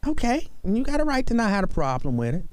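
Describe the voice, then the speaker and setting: Radio host guy, high voice that jumps all over, super dry close studio sound, keeps repeating his point. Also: wildly swooping pitch, fast, no echo. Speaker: radio talk show host. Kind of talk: opinionated talk radio monologue. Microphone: studio microphone.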